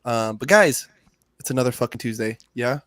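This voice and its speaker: Man, podcast co-host, casual chat, rambling and profane, mid pitch, dry close sound. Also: moderate pace, a bit bright, dry recording. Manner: profane, rambling, heartfelt storytelling.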